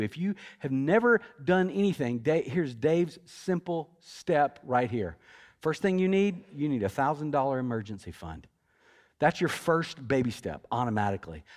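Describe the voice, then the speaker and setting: A middle-aged pastor preaches to his church in a loose, conversational way, telling stories and doubling back on his words. His speaking voice sits a little higher than most men's. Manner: conversational, storytelling with asides and restarts. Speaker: senior pastor. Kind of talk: sermon. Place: church auditorium.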